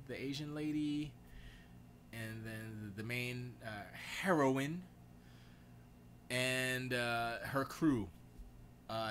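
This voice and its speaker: Stream host, male, loose rambling delivery, bright tone. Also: medium pitch, slight background noise. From United States. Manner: rambling, reads chat aloud, self-correcting. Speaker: livestream host. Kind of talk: casual livestream chat.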